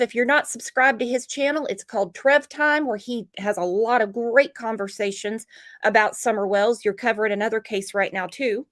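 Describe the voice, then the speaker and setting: A woman's voice: fairly high pitch, moderate pace. A woman hosting a true crime livestream, chatting casually with a guest and reading out viewer comments. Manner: animated, reads out viewer comments.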